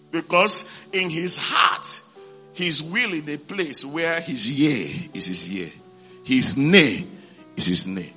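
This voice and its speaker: A man's voice: on the high side, animated, takes it slowly, pushed and bright, soft background music. A man preaching a sermon, repeating key words and calling out to his congregation for responses.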